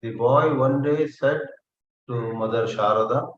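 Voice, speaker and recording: A man giving a scripture class, telling stories in a slow, gently explanatory way. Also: mid-range voice, slight background noise. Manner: slow, storytelling, softly explanatory. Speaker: spiritual teacher. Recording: echoey, somewhat dull room recording.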